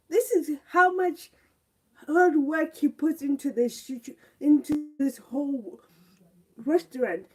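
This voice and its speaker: Young woman ranting about a tv show, high voice but mellow, slow and exasperated. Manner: indignant, exasperated, repeats rhetorical questions. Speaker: TV show reviewer. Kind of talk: live review rant.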